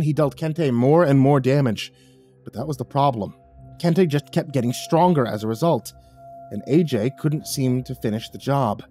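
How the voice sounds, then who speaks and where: A man narrating a first-person horror story in a steady, scripted delivery. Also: on the high side.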